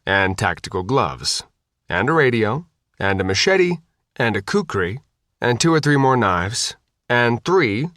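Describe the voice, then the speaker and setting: A man narrating an audiobook with an animated, wry delivery. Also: medium pitch, unhurried, dry recording, clean studio sound. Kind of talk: scripted narration.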